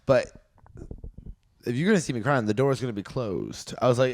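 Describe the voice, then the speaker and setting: Sassy, animated man in podcast chat. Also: mid-range voice, brisk. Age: about 30. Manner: animated, sassy, bursts of loud laughter.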